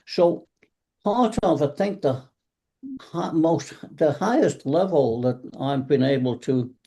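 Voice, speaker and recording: Man, qigong teacher, gravelly, mellow, rambling anecdotes, video call. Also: a little high, takes it slowly. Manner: rambling, anecdotal, acts out cab drivers' lines. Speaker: tai chi and qigong teacher. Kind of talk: casual online panel talk.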